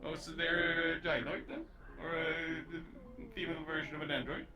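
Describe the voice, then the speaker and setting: Inquisitive man, slightly high voice. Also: flat delivery, normal speed, roomy sound. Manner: inquisitive, blunt and profane. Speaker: roleplayer. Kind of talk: casual roleplay chat.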